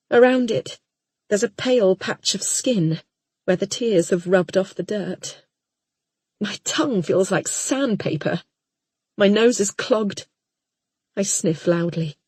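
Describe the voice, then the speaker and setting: A woman narrating a first-person audiobook in a measured, quiet, intimate way. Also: mid-range voice, slightly rough, dry recording, clean studio sound.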